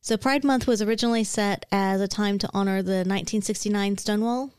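A woman's voice: medium pitch, steady tone, quick pace, darkish tone, smooth, dry recording. Aussie woman cohosting a chatty podcast, explains stuff with lots of "so" and "like", dry close sound. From Australia. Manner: chatty and explanatory, with frequent fillers like "so" and "like". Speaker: podcast co-host. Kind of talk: casual podcast chat, presenting history notes.

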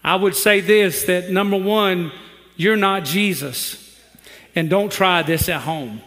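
Pastor guy with a high voice preaching slow to his church, cracks jokes then builds up, big echoey sanctuary. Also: fairly bright tone. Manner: calls the congregation to repeat scripture aloud; humorous storytelling with rising emphasis. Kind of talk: sermon.

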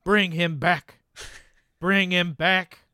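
Guy doing a slow, stern movie-actor impression, low monotone attempt, very dry sound. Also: clear, resonant tone, no room sound, heavily acted. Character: impression of a grave, slow-spoken male film actor.

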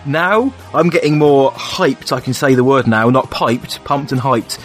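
A young man co-hosting a casual podcast chat, excitable and chatty, calling his friend "mate". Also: mid-range voice, a little slow, faint music behind. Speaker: podcast co-host.

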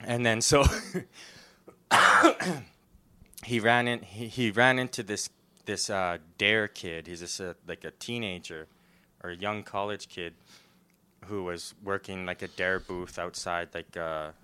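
A man's voice: deep voice, steady tone, a little slow, pushed and bright, smooth. A young man in casual chat, telling a rambling story and laughing often.

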